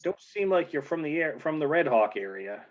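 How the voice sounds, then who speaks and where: A man's voice: a little high, very animated, moderate pace, slight background noise, voice pushed up. A man playing a friendly small-town bartender who talks in a rambling, hesitant, welcoming way, on dull lo-fi audio.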